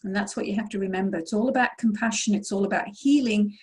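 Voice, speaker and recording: Woman teacher, husky voice, encouraging, explains stuff to her online group. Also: mid-range voice, fast, a little mellow. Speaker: mediumship teacher. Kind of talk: online Q and A session.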